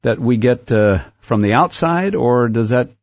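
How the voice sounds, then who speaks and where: A man hosting an interview, asking halting questions with many fillers. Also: mid-range voice, expressive, a little mellow, no room sound, highs cut off. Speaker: interview host. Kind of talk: interview conversation.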